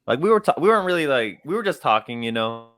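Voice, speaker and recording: A man co-hosts a podcast in a bright, tense-edged voice that swings widely in pitch. He giggles often and leaves sentences unfinished. The sound is dry and close. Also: fast talker, no echo. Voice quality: animated, giggly, trails off mid-sentence. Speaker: podcast co-host. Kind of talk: casual chat.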